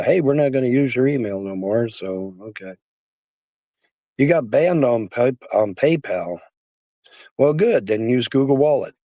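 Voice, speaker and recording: A man's voice: on the low side, warm tone, no room sound, dull audio. A man streaming casually, rambling and repeating himself with many fillers, his voice worn down by the cold. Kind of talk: casual livestream talk.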